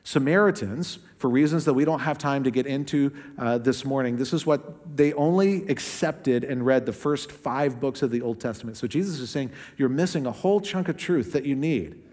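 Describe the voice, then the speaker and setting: A male pastor preaching a sermon in a conversational way, acting out quotes with shifting pitch and pace. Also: moderate pace, hardly any pauses, darkish tone, long reverb tail.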